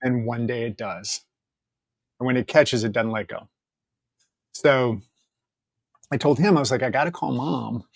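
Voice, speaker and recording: A man, a podcast guest, telling a story in casual conversation, candid and joking, quoting people in lively asides and swearing freely. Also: medium pitch, measured pace, gravelly, long pauses, no echo, clean studio sound.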